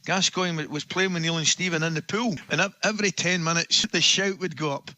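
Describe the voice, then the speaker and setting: A man with a high, very bright and sharp voice, retelling a funny story and laughing as he goes. The sound is close and dry. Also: fairly even intonation, a little fast, no room sound. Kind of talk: anecdotal storytelling.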